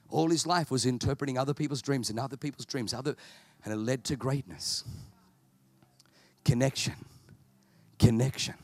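A man from Australia preaching a sermon at a church service, in an animated storytelling style with humor. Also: medium pitch, moderate pace, pauses often, no echo.

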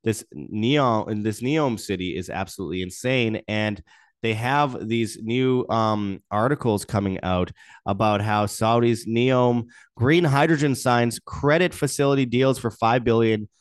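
Young male host, lowish voice, dry close sound, sarcastic indignant news commentary. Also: smooth, dry recording. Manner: indignant, sarcastic, reads articles aloud with asides.

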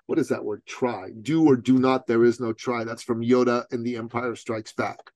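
A middle-aged man from Iran leans into his own story, firing off punchy rhetorical questions. His pitch sits in an ordinary middle range. The sound is dry and close, with no room around it. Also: fairly even intonation, moderate pace, a little mellow, dry recording. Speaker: guest entrepreneur and coach. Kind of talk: personal storytelling in an interview.

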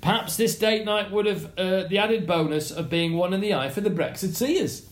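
A middle-aged Englishman co-hosts a podcast, chatting casually, reading listener suggestions, and joking around with mock French and put-on voices. His voice sits high, his pace is moderate, and the sound is reverberant.

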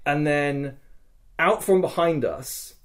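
A man's voice: a little high, takes it slowly. A man co-hosting a podcast, telling a story in casual chat with lots of swearing and fillers. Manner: excitable, profane, lots of fillers. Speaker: podcast co-host.

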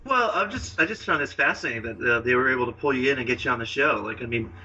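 A man co-hosting a podcast in casual chat, asking quick, jokey questions. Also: mid-range voice, lively intonation, pushed and bright, muffled recording. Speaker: podcast co-host.

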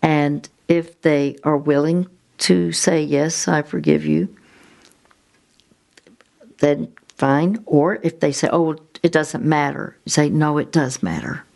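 Woman, low gravelly voice, unhurried, gentle faith testimony with halting restarts. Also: steady tone.

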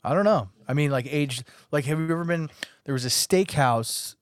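A man co-hosting a podcast in casual chat, rambling with lots of halting restarts. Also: on the high side, no echo, clean studio sound. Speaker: podcast co-host.

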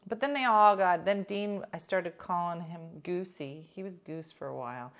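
A middle-aged woman hosting a radio show, chatting casually and telling animated stories. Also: fairly low pitch, moderate pace. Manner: animated storytelling, imitates voices in anecdotes. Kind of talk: casual chat.

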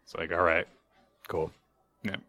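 A man's voice: low-pitched, level tone, a little slow, pushed and bright. A man co-hosting a casual podcast chat. He makes dry, wry remarks as he talks. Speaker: podcast co-host.

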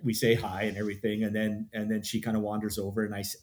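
A man from Canada telling a hiking trip story in a relaxed, chatty way. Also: on the low side, quick pace, few pauses. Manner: chatty, quotes people in stories. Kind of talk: casual storytelling.

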